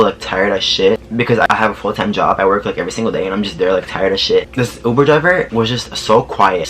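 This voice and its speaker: A man's voice: fairly low pitch, slight background noise. Sassy young man spilling a story. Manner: sassy, animated, swears freely, laughs often. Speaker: vlogger telling a story. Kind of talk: casual storytime chat.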